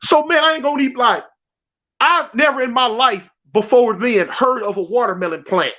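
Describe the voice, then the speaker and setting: A man from South Central Los spins a prison story in slang, repeating himself and acting out each quote. His voice sits very high. The recording sounds dull and lo-fi. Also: moderate pace, pushed and bright. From South Central Los Angeles. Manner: acts out quotes, repeats and restarts phrases, slangy. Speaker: guest telling a prison story. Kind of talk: animated storytelling.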